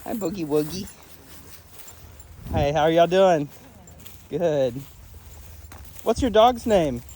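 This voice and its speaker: Male dog trainer on a trail, casual and chatty, fairly high and very lively voice that jumps up for praise. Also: takes it slowly, a little hiss or hum. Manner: switches to high sing-song praise for the dog; laid-back, chatty, laughs often. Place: outdoors on a wooded trail near a creek.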